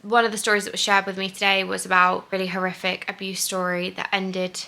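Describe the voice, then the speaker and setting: A woman's voice: medium pitch, little pitch movement, fast talker, vocal fry, bright, forceful tone. A young woman talking casually to her own camera indoors, open and chatty, with a lot of "like" fillers. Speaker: vlogger and interviewer. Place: indoors, in a flat used as a set. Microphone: handheld camera.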